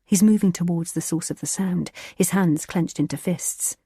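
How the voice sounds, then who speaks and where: A woman reading a thriller audiobook in a tense, measured narrating style. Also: lowish voice, dark tone, breathy edge, no echo, clean studio sound.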